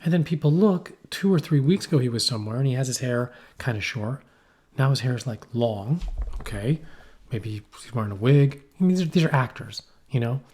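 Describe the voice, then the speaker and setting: A man co-hosting a casual podcast, rambling through an animated story with playful asides. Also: mid-range voice, fairly quick, husky. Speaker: podcast co-host. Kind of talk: casual conversational podcast chat. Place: poorly heated shack.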